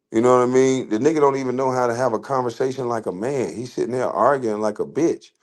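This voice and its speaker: Blunt, cursing man on a rant. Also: medium pitch. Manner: blunt, cursing, laughs often. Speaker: commentator reacting to online critics. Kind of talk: casual profane rant.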